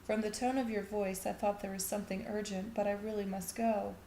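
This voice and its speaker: A woman's voice: mid-range voice, steady tone, brisk, mellow, slight background noise, lightly acted. A woman voicing an uneasy grown man, a hesitant and polite stranger in a story reading, in an echoey room.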